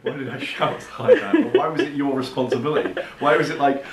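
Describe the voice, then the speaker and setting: A man's voice: mid-range voice, brisk, roomy sound, a crowd in the background. A young man from Cheshire chatting on a vlog, rambling through an anecdote and laughing as he goes. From Cheshire, England. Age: young adult. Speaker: vlogger. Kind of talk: casual chat.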